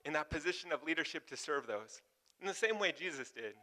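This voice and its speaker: Male pastor, bright tone, casual sermon delivery, laughs often, chatty asides to the congregation. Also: fairly high pitch, lively intonation, brisk. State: warm and sweating from exertion.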